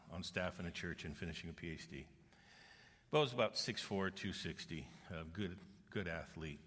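A man's voice: sits low, fairly bright tone. A middle-aged man giving a sermon as a pastor, telling stories earnestly and acting out the people in them. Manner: storytelling with quoted voices, earnest. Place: church auditorium. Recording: long reverb of a large hall.

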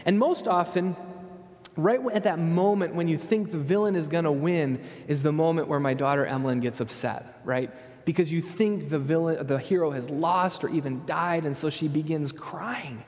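A man's voice: on the high side, moderate pace, a little mellow. Preacher man in a reverberant church hall. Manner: storytelling, often asks the audience "right?". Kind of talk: conversational sermon.

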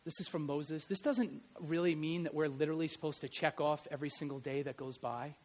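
A middle-aged man preaching a sermon, telling stories in a lively way and swinging from loud to quiet. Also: a little high, fairly quick. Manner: animated storytelling, varies loudness widely. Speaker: pastor and history teacher.

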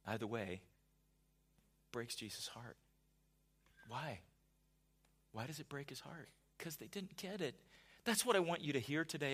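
Guy preaching a sermon, kinda high voice, chatty, repeats words, gets loud and punchy at times. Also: expressive, moderate pace. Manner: conversational preaching with repeated word restarts, building to emphatic passages. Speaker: pastor.

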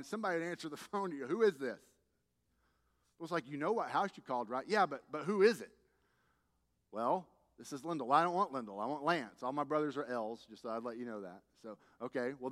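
A man's voice: fairly high pitch, a bit bright, long reverb tail. A man preaching a sermon as a pastor, telling humorous stories in a conversational way and rising to emphatic peaks. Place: church sanctuary.

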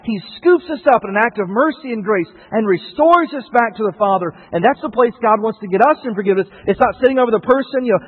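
A man preaching a sermon, swelling to emphatic peaks and dropping to quiet asides, with a husky voice. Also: high voice, lively intonation, fast talker. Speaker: pastor. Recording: tinny phone-like radio broadcast with long reverb.

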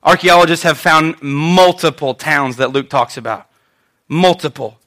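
Bright-voiced man preaching a sermon. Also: fairly high pitch, a little slow. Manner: conversational and animated, with stumbles and repeats. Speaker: pastor.

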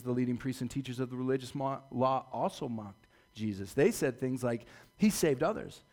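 A man preaching a sermon, retelling a story dramatically and swinging from loud to hushed delivery. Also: fairly high pitch. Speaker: pastor.

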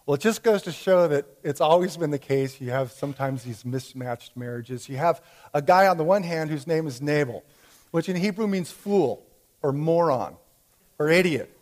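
A man's voice: fairly high pitch, expressive, normal speed, a little mellow. A man preaching a sermon in a conversational way, with fillers and restarts as he explains a Bible story. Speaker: pastor.

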